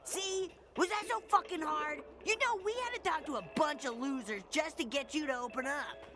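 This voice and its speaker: A woman's voice: high voice, normal speed, lightly acted. A woman voicing a foul-mouthed talking alien gun that plays a cocky tough detective, with brash, swearing cop talk. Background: game music.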